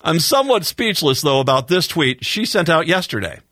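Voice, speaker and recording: A man's voice: a little high, big pitch swings, normal speed, pushed and bright, dry recording. A middle-aged male radio talk show host giving a sarcastic, exasperated political commentary monologue into a studio microphone.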